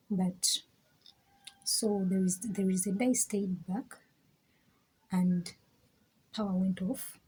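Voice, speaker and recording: A woman's voice: mid-range voice, steady tone, slow, pauses often, a little mellow, husky, low-quality recording. A young woman vlogger telling a personal story in a chatty way, repeating words, laughing often and sometimes dropping to a whisper. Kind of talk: casual storytelling.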